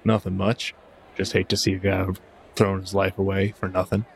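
A man playing a tabletop game, speaking in a fairly low voice. He is relaxed and jokey as he describes his character's moves. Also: fairly quick, vocal fry, slight background noise. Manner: laid-back, joking. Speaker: player.

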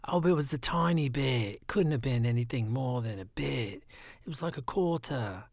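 A man imitating a breezy woman with an Irish accent who plays down a small cooking slip, in a husky voice. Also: mid-range voice, animated, moderate pace, dry recording, studio quality.

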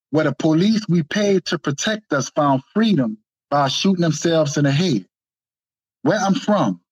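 Husky high-voiced New man. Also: dry recording, rough recording. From New Orleans, USA. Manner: animated, laughs while telling stories. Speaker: guest poet. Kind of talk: casual storytelling and spoken word poetry.

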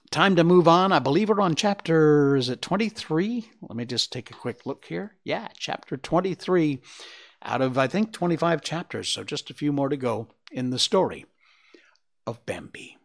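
A man reading a children's book aloud chapter by chapter, chatty and informal with his listeners between chapters. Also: on the high side. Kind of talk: read-aloud storytelling.

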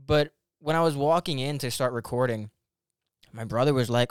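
Young male co-host, hesitant and chatty, mid pitch, dry mic. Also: fairly quick, smooth, no echo. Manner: rambling, hesitant, many fillers. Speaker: podcast co-host. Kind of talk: casual movie review chat.

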